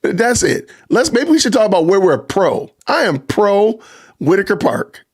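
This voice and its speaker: A middle-aged man, hosting a casual livestream podcast and talking straight to his live chat in an animated, joking way. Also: sits high, normal speed, husky. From Georgia, US. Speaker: podcast host.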